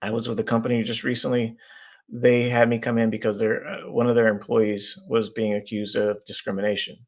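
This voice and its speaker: A middle-aged man, an executive coach guesting on a podcast, explaining his ideas through lively stories and acted-out voices. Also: lowish voice, brisk. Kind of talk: conversational storytelling.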